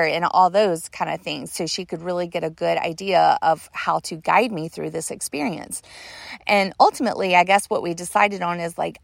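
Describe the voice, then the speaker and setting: Gravelly low-voiced woman podcast host. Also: no room sound, studio quality. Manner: earnest, rambling, leans on filler words. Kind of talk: casual personal storytelling.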